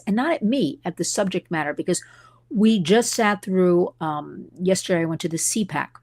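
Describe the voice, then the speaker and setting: In a fairly low, darkish voice with no echo, a middle-aged host and advocate speaks to her live-stream audience. Her storytelling is passionate and digressive, wandering off into tangents.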